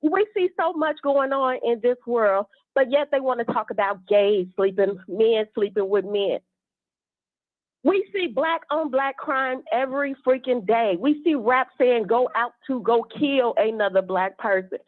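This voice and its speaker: A woman's voice: a little high, unhurried, no echo. Indignant woman evangelist on a phone line. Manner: preachy, indignant. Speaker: caller, evangelist. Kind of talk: impassioned call-in rant.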